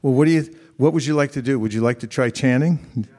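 A man's voice: mid-range voice, a little fast, a little mellow. Conversational man preaching to a live audience. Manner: conversational, asks the audience questions and acts out examples. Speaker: monk giving a spiritual talk.

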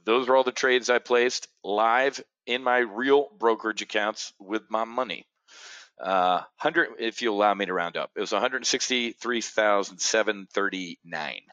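A man's voice: fairly low pitch, normal speed, fairly bright tone, dry recording, muffled recording. A man hosting a live options-trading brief from a studio chair, talking straight to camera in brash, boastful sales patter. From United States. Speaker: trading educator. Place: indoor studio, seated facing camera.

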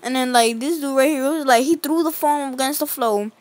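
A woman's voice: sits high, a little fast, dry recording. A woman giving casual, rambling commentary over a series of pictures, full of slang and filler words. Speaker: video host.

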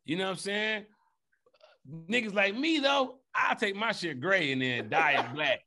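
Brief: male podcast co-host, slightly high, bright and forceful, profane joker. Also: a little slow. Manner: joking, profane, riffing on bits. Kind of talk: casual comedic debate chat.

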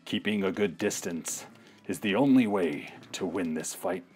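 Deep slow trash-talking man gaming. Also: a little mellow, slightly rough, faint music behind. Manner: trash-talking, swearing, jokey outbursts at the game. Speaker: podcast co-host playing a video game. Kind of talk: casual let's-play commentary.

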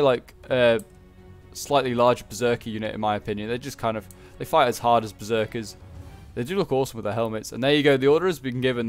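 A man giving casual, chatty commentary over a strategy game battle, rambling and correcting himself as he goes. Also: mid-range voice. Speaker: gaming video creator.

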